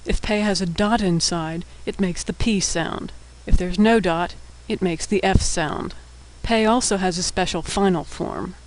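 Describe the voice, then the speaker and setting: A man giving a scripted lesson, naming each letter and explaining its sound in a patient, clear way. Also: sits high, a little slow, hardly any pauses, slight background noise, low-quality recording. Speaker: teacher. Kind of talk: scripted instructional narration.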